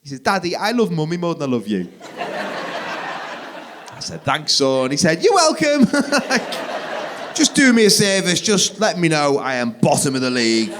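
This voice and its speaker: Animated stand-up comic. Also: male voice, fairly high pitch. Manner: animated, jumps into loud shouted voices for the kids. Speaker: stand-up comedian. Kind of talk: live stand-up comedy. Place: theatre stage. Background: audience laughter.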